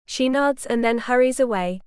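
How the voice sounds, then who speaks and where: A woman narrating a romance audiobook in the first person, with light, steady storytelling. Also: a little high, moderate pace, clean tone, dry recording, clean studio sound.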